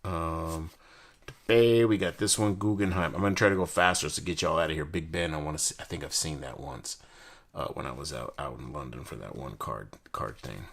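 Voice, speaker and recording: A young man from the United States chatting casually and excitedly while opening and reviewing card decks, full of slang and jokes. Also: rumbling low, a little fast, vocal fry. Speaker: card collector host. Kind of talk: casual unboxing chat.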